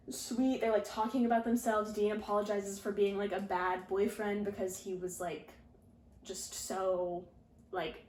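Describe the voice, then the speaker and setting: A woman chatting through a recap in a loose, rambling way, with "like" in nearly every phrase and dry, sarcastic asides. Her voice sits at an ordinary middle pitch. The room around her adds a clear echo. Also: darkish tone, a little hiss or hum. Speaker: video essayist recapping a fanfiction. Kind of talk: casual recap.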